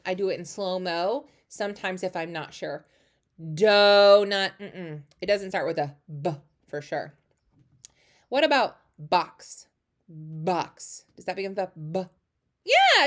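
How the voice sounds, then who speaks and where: A woman teaching a phonics lesson to young children, warmly encouraging with lots of praise. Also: fairly low pitch, normal speed. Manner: encouraging, lively, sing-song praise.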